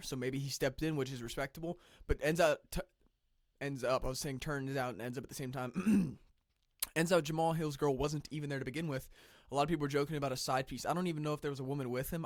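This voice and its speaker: A man gives casual commentary in a mid-range voice, talking conversationally with restarts. He sounds a little phlegmy and clears his throat now and then. The recording is dry and close. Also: mid-range voice, dry recording. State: phlegmy from the cold. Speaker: commentary channel host.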